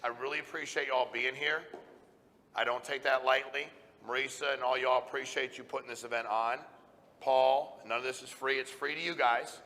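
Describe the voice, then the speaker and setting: A middle-aged man, a company president, giving a blunt, forceful motivational talk to a live audience. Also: mid-range voice, steady tone, moderate pace. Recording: reverberant hall sound.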